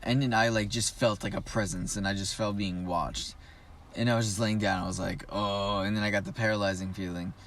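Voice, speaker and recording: A man's voice: fairly low pitch, steady tone, fairly quick, a bit bright, a little hiss or hum. Young adult male co-host, loose rambling storyteller, filler-heavy, profane. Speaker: podcast co-host. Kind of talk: casual storytelling among friends.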